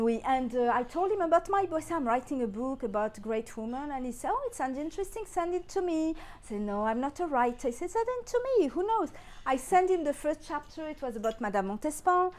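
A middle-aged woman with a French accent, French her first language, telling anecdotes to an audience in a lively way, acting out dialogue and laughing often. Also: sits high. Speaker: guest speaker.

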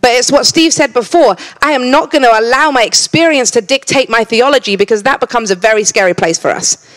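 A woman's voice: on the high side, a little fast, a bit bright. A woman preaching a sermon in a church, earnest, often repeating words as she starts a thought and teasing the congregation now and then.

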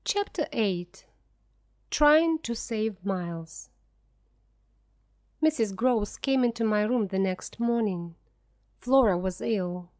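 Slow, deliberate woman reading a story. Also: medium pitch, expressive, a little mellow. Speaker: audiobook reader. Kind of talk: reading a simplified story aloud.

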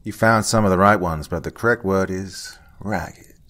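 A man doing a gruff, blunt older forensic investigator. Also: sits low, moderate pace, a bit bright. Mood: curt, lecturing. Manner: blunt, curt, lecturing, some lines whispered.

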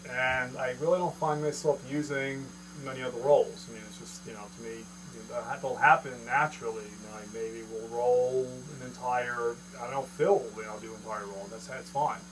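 A man's voice: medium pitch, fairly even intonation, normal speed, few pauses. A man teaching a drum lesson in a casual, joking, self-deprecating way, counting strokes aloud. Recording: noisy room with mains hum and drums.

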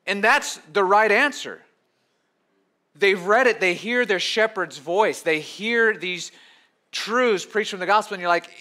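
Middle-aged male pastor, bright and slightly high voice, chatty preaching with playful asides. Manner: conversational preaching with quick acted asides. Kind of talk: sermon.

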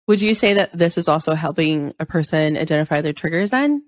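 A woman's voice: low voice, expressive, a little fast, dry recording, studio quality. A woman hosting a podcast interview, blunt and enthusiastic, swearing and laughing often. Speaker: podcast host.

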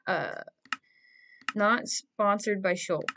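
A woman's voice: mid-range voice, drawn-out words, sharp tone, a little hiss or hum. Goofy teenage girl rambling over gameplay. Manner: chatty, goofy, rambling to the audience. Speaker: gamer. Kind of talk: casual gameplay commentary.

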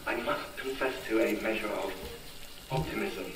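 An actor plays a clinical male researcher in a game scene, talking in formal, measured sentences. His voice sits a little low. It sounds a bit far from the mic, with faint noise behind. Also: lightly acted. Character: calm male scientist obsessed with the past. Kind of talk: video game cutscene dialogue.

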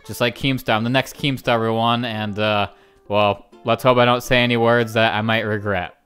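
A man's voice: lowish voice, fairly even intonation, moderate pace, fairly bright tone, clean tone, faint music behind. A young man hosting a casual reaction video, joking and rambling as he laughs at what he reads. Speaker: YouTube host.

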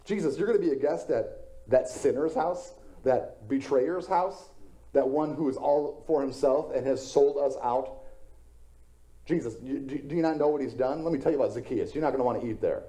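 A man's voice: mid-range voice, moderate pace, mellow, close to an everyday voice, poor audio. A male pastor voicing an indignant crowd of judgmental townspeople, scolding and incredulous.

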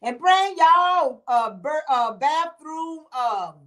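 A woman's voice: high-pitched, expressive, takes it slowly, a bit bright. A woman hosting a casual livestream chat, laughing often and calling her viewers honey and baby. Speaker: livestream host reading viewer comments.

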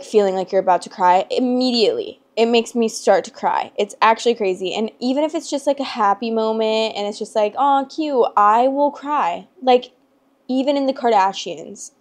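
A young adult woman hosting her storytime channel, talking in a chatty, rambling, emotional way with lots of "like" fillers. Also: mid-range voice. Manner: chatty and rambling, heavy use of "like"; emotional and expressive. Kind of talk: casual chat to camera.

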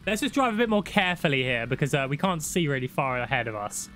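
A young man giving excitable, laddish commentary on a road trip game with friends. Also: a little high, quick pace, faint music behind. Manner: excitable, shouts when startled, laddish banter. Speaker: gaming YouTuber. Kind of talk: casual gameplay commentary.

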